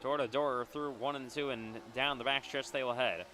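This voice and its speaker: A young man calling live play-by-play for an online racing series, excitable and exclaiming at crashes. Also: medium pitch, moderate pace, loud music behind the voice. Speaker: race commentator. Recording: loud racing game engine noise behind.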